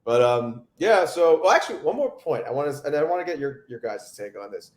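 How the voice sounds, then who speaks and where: A man's voice: fairly high pitch, sing-song, fairly quick, roomy sound. A man hosting a casual film podcast chat, rambling with many fillers and restarts. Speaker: podcast host.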